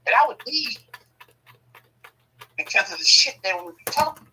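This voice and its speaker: Husky, bright-voiced man telling stories. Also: high voice, moderate pace, low-quality recording. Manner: profane, animated, laughing. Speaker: storyteller. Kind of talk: casual storytelling.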